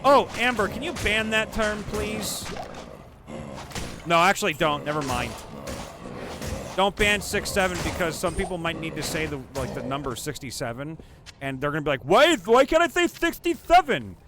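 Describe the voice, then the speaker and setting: A man's voice: a little high, normal speed, pauses often. A man streaming a game live, chatting casually and ranting with crude, profane jokes over game music. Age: adult, not young. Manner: crude, profane, joking rants. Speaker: streamer and voice actor playing a game.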